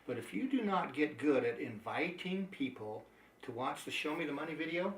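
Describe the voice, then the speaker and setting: A man's voice: fairly high pitch, animated, moderate pace. A man giving an upbeat, emphatic motivational training talk on network marketing. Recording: echoey room, mic at a distance.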